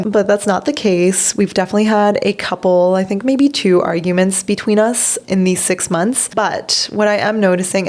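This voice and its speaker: A woman's voice: medium pitch, darkish tone. A young woman hosting a podcast, speaking openly and earnestly about personal growth, laughing often and tearful at times. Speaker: podcast host. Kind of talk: personal reflective monologue.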